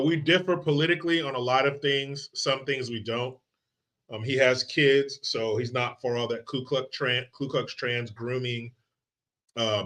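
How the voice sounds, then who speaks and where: A man's voice: mid-range voice, bright, forceful tone. A man hosting a live commentary stream, ranting in a casual, mocking and profane way. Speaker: livestream host.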